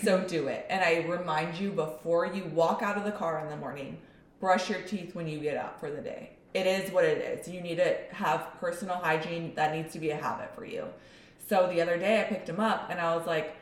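A woman's voice: lowish voice, steady tone, normal speed, roomy sound. A young woman co-hosting a podcast who tells stories with animation and acts out her son's voice. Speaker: podcast co-host. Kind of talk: casual chat.

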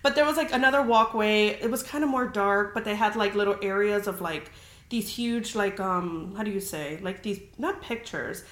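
A woman's voice: mid-range voice, moderate pace, a bit bright. A young adult woman hosting a podcast, telling a story in casual chat, full of fillers and swearing. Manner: chatty, heavy on filler "like", swears freely. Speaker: podcast host. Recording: roomy echo.

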